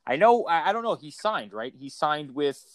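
A man's voice: a little high, very animated, normal speed, no echo. A man co-hosting a casual podcast chat, rambling and swearing, with many restarts. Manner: rambling, profane, frequent restarts. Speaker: podcast co-host.

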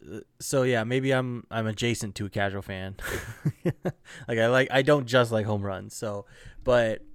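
A man's voice: fairly low pitch, fairly even intonation, normal speed, clear, resonant tone, dry recording, clean studio sound. A man co-hosting a casual sports podcast, joking and laughing often. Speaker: podcast co-host.

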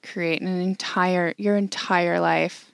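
A woman's voice: lowish voice, steady tone, slow, gravelly, smooth, no room sound, clean studio sound. A woman co-hosting a podcast, talking bluntly and swearing freely in casual chat. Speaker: podcast co-host.

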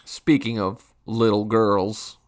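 A man of about thirty slowly works through a casual comic rant, swearing, rambling, restarting often, and making fun of himself. His voice is fairly low, with little pitch movement.

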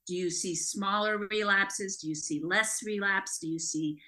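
A woman's voice: medium pitch, a little slow, bright, forceful tone. A woman co-hosting a podcast, explaining family recovery steps in an earnest, coaching way. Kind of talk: casual podcast discussion.

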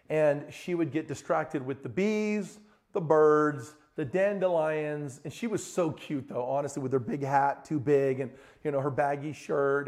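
Animated middle-aged male pastor preaching. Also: fairly high pitch. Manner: storytelling, animated, rises to excited shouting in anecdotes. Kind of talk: sermon.

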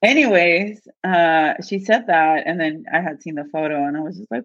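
A woman recounts a personal story in a candid, lively way, slipping into the voices of the people she quotes. Her recording is dry and a little dull. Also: on the low side, moderate pace, few pauses, no room sound. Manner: animated, acts out quoted voices with laughter. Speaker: guest telling her story.

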